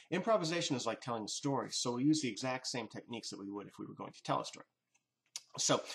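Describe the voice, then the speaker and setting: A man's voice: on the low side, a bit bright. A man teaching jazz improvisation, explaining each step in a patient, methodical way. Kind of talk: instructional lesson narration.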